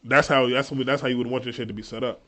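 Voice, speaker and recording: A man chatting casually as a podcast co-host, telling stories in animated slang and repeating his phrases. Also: mid-range voice, very fast, a little hiss or hum. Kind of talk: casual chat.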